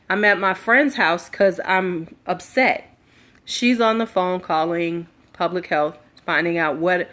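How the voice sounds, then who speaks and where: A middle-aged woman candidly tells a personal story on a livestream, acting out quoted dialogue with emphasis. Her voice is lowish and fairly bright.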